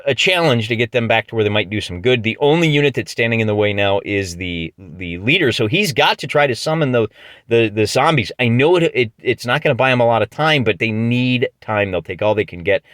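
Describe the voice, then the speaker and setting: A man's voice: medium pitch, expressive, brisk, fairly bright tone, no room sound. Midwestern guy doing play-by-play on his tabletop wargame, jokey, dry close sound. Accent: Midwestern American. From American Midwest. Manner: chatty, jokey, often restarts mid-phrase. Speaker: wargamer narrating a solo tabletop battle. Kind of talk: casual play-by-play narration of a tabletop game.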